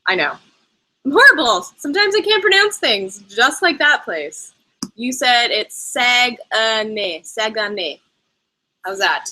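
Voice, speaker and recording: A woman's voice: sits high, very animated, normal speed, sharp tone, rough recording. A woman hosting a casual live travel chat, bubbly and chatty, laughing often as she answers viewer questions. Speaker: travel vlogger host. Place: lives in Canada.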